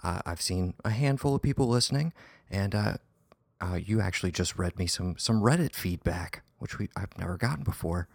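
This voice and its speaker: A man's voice: deep voice, animated, moderate pace, gravelly, no echo, clean studio sound. A man hosting a casual film review podcast, talking in a rambling, hesitant way with many false starts. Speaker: podcast host.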